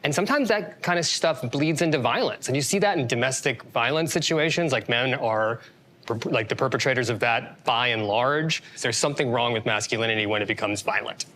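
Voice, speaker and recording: A man on a discussion panel speaks seriously and in a measured way. His voice is bright and forward. A faint rumble runs underneath.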